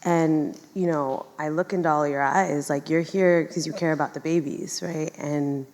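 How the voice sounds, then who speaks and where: Woman w a low voice, thinking out loud on a panel, lots of um and you know, echoey hall. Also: fairly even intonation, moderate pace. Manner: reflective, many fillers and asides. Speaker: panel guest. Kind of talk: live panel conversation before an audience.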